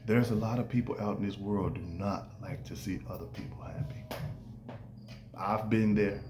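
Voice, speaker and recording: Animated man in an echoey room. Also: on the low side, normal speed, over music. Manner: animated, acts out quoted voices. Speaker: podcast host. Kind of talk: casual podcast monologue. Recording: echoey room with faint ambience.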